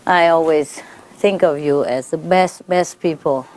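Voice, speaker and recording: A woman spiritual teacher speaking informally to her followers, laughing often and repeating warm phrases. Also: deep voice, unhurried. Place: gathering with a live audience.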